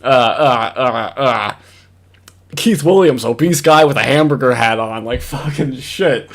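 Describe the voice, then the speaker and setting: A man's voice: mid-range voice, a little slow, fairly bright tone. A young man hosting a casual reaction commentary from home, mocking and profane, rambling with lots of fillers and laughs. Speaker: commentary host. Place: home recording setup. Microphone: wired headphones with computer mic.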